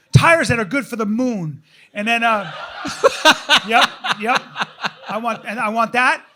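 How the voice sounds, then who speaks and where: A man hosting a live podcast on stage, ranting in an excitable, profane, rambling way. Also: extremely high pitch. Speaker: podcast host.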